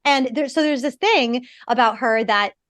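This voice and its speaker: Opinionated woman podcaster, fairly high voice, swears a lot, dry close mic. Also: normal speed, no echo. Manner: animated, opinionated, swears freely. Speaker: podcast host, actor. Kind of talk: casual podcast chat.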